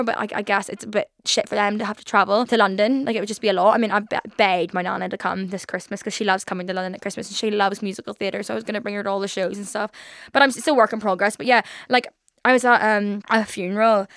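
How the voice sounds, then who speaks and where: Chatty twenty-year-old woman, fast and dry. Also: mid-range voice, steady tone, fairly bright tone, dry recording. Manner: chatty, swears freely, frequent fillers. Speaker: podcast host. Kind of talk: casual solo podcast chat. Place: London.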